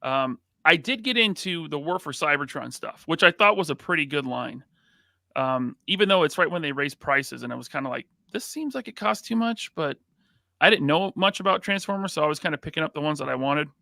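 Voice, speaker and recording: A man's voice: fairly high pitch, creaky, sharp tone, no echo, clean studio sound. A man hosting a live podcast, greeting chat members by name in a casual, upbeat way. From United States. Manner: reads out chat names with quick greetings. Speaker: podcast host.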